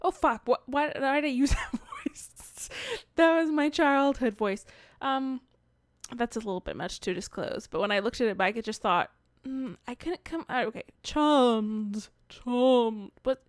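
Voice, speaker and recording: A woman doing let's-play commentary, reading game text aloud. Her voice sits slightly high, wry and informal, with muttered asides and easy swearing. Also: normal speed, no echo, clean studio sound. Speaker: gamer playing on her channel.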